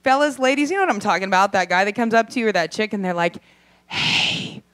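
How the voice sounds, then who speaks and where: A young adult woman performing a brash, profane stand-up set, acting out quick voices in her asides. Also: medium pitch, animated, a bit bright, no echo. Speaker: stand-up comedian. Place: comedy club stage.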